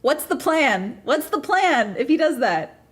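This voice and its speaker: A young adult woman streaming and chatting casually, telling stories in a profane, animated way with many restarts. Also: sits high, unhurried. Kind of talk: casual livestream chat.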